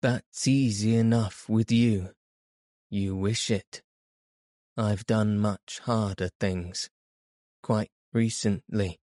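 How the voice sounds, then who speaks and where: A man voicing a calm, worldly hypnotist speaking in a measured, detached way. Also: on the low side, no echo, clean studio sound.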